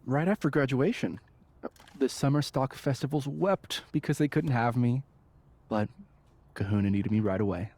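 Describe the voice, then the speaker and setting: A man's voice: mid-range voice, normal speed, darkish tone, lightly acted. A man playing a smug, theatrical young assistant. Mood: smug teasing.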